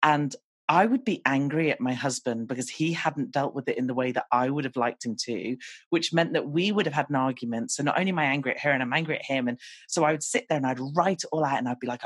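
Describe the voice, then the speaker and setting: Candid husky woman host. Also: extremely low pitch, fast talker, dry recording. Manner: candid, storytelling, laughs easily. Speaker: podcast host. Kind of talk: casual conversation.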